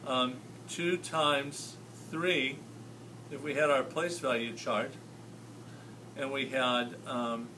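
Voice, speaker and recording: A man's voice: medium pitch, steady tone, slow, far from the mic, noisy background. A man teaching a math lesson, explaining patiently and often checking whether his students follow. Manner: patient, checks understanding with tag questions.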